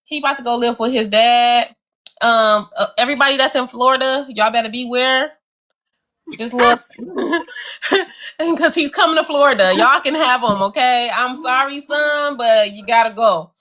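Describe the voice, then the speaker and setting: A woman's voice: fairly high pitch, moderate pace. A woman, co-hosting a casual talk show, telling a story animatedly and talking straight to listeners. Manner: animated, addresses listeners as y'all, acts out voices. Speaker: show co-host.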